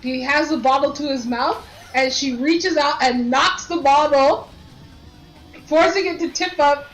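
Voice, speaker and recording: A woman chats with friends over a game, retelling a plot with swearing and animated storytelling. Her voice sits fairly high. The room sounds echoey with game music behind. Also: a little slow. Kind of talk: casual chat while gaming.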